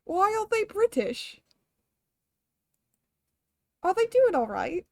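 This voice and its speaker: Young woman streamer, high voice, dry close sound, rambling chatter with swearing. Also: sing-song, takes it slowly, gravelly, a little mellow, dry recording. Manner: rambling, laughs often, swears casually. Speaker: game streamer. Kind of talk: casual chat while gaming.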